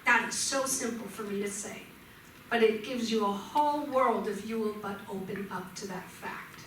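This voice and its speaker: A woman minister giving a gentle sermon in a church, telling stories and voicing shouts vividly. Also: mid-range voice, normal speed, a little hiss or hum. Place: church sanctuary. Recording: echoey church hall from far off.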